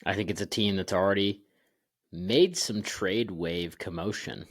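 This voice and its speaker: Low-voiced young man, rambling sports chat. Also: a little slow, no echo, studio quality. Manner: rambling, lots of fillers and restarts. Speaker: podcast co-host. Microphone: video call.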